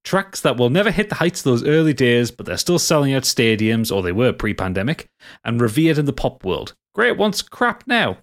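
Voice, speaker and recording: A man's voice: medium pitch, sing-song, moderate pace. A man with a Geordie accent, co-hosting a casual podcast, reading listener messages aloud and joking along the way. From North East England. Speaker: podcast co-host.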